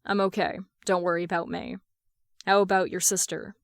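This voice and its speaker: A woman reading aloud as a gruff young male vigilante who speaks slowly and keeps his voice soft and steady. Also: no echo, clean studio sound. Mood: reassuring. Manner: low, slow and steady, softened for children.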